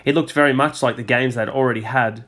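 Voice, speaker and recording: A male teacher reading a children's storybook aloud with expressive storytelling, dropping his voice on the speech tags. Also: medium pitch, quick pace.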